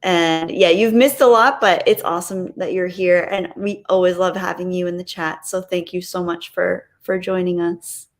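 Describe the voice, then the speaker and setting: A woman's voice: fairly low pitch, steady tone, normal speed, hardly any pauses. Bubbly woman thanking viewers. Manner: bubbly, gushing thanks, giggly. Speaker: live streamer reading super chats. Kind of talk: casual live-stream chat.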